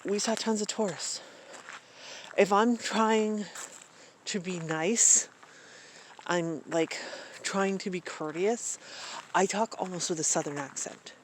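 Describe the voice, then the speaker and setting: A woman's voice: medium pitch, slow pace, pauses often, a little hiss or hum. A middle-aged woman from Maine, talking outdoors in the woods in a reflective, hesitant monologue full of ums and restarts. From Maine, USA. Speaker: vlogger.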